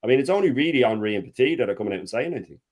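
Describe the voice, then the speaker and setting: A man's voice: medium pitch, expressive, very fast, a little mellow. A man on a football panel video call, frustrated and ranting, repeating words as he starts a thought. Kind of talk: casual chat.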